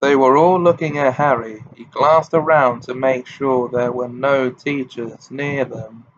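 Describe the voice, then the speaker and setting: A man narrating a fantasy audiobook in a steady reading voice. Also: medium pitch, a little slow, lo-fi sound, a little hiss or hum. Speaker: amateur audiobook reader.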